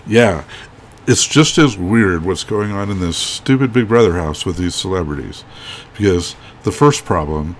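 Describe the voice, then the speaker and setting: A man's voice: deep voice, a little hiss or hum. A man co-hosting a podcast in casual chat, rambling and joking with many restarts. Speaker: podcast co-host.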